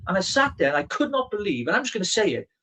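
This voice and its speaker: Man, podcast co-host, blunt, emphatic, slightly higher pitch. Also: big pitch swings, very fast, sharp tone, husky, rough recording. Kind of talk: political podcast chat.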